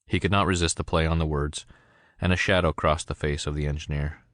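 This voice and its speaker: A male narrator reads a novel aloud in steady scripted narration. His voice sits extremely low. The sound is dry and close, with no room in it. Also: fairly quick, no room sound. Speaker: audiobook narrator.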